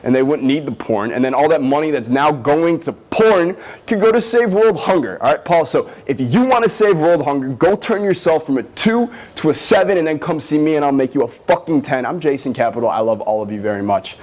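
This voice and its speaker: A man's voice: a little high, animated, brisk, a little mellow. A man giving dating advice as a coach, talking in a brash, cocky way, swearing often and acting out teasing lines. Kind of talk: motivational dating advice talk.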